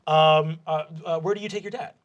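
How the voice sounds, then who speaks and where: A man as game master, narrating a tabletop game in a quick, playful way. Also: fairly high pitch, fairly even intonation, highs cut off, slight background noise.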